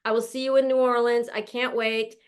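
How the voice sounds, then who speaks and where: A woman's voice: a little high, little pitch movement, brisk. Effusive chatty woman host. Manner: effusive, chatty, laughs often. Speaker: show host introducing a panel. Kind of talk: casual online introduction. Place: at home, mother nearby.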